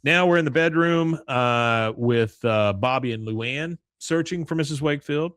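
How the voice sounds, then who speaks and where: A man hosting a podcast, recapping a cartoon episode in a relaxed chat and dipping into quick character voices. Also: mid-range voice, dry recording, clean studio sound. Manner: retells scenes with quick character voices, chuckling. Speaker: podcast host.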